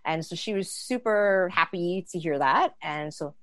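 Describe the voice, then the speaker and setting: A woman in her thirties telling a casual, animated story, acting out the lines of others. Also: lowish voice, unhurried, no room sound. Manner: animated, acts out dialogue. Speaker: storyteller guest.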